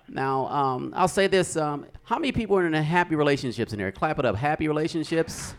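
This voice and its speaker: A man's voice: a little high, quick pace, hardly any pauses, a little hiss or hum. A young man doing a stand-up comedy set on a club stage, telling stories and acting out the people in them. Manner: animated storytelling, acting out characters.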